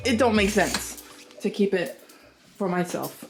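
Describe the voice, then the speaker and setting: A woman's voice: on the low side, slow, pauses often, music in the background. A young woman talking casually on a home vlog, thinking aloud as she works around the house. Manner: chatty, thinking aloud while working. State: out of breath at times. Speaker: vlogger. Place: at home, moving through rooms. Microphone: handheld camera.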